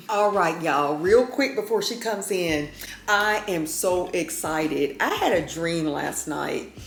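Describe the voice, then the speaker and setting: Chatty woman in her fifties, roomy echo. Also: on the low side. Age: 50s. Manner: chatty, folksy, keeps calling viewers y'all. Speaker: vlogger. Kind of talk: casual chat to camera.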